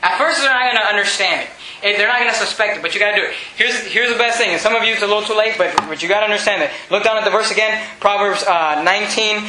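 A man preaching a sermon, emphatic and repetitive, often shouting. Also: high voice, roomy sound, a little hiss or hum, rough recording.

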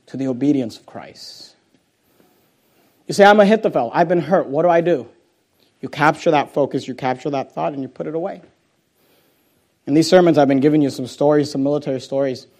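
A pastor preaches with fervent emphasis, alternating between loud, rising declarations and quiet intensity while repeating phrases for effect. His voice is slightly high and a little fast, with long pauses.

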